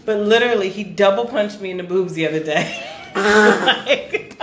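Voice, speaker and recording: A woman in her thirties co-hosting a casual chat, animated and quick to laugh. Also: medium pitch. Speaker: podcast co-host. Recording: echoey room with faint noise.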